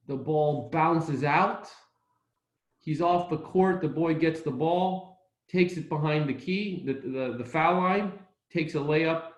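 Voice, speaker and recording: A man telling an inspirational story in an animated way, speeding up in quick bursts. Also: a little high. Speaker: community speaker. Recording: echoey room.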